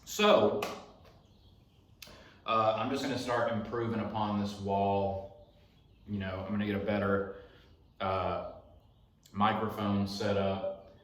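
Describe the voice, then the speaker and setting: A man's voice: on the low side, fairly even intonation, takes it slowly, pauses often, slight background noise. A young man hosting a podcast in his garage, rambling through a profane story in a casual monologue. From Alabama. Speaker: podcast host. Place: home garage. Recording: echoey garage.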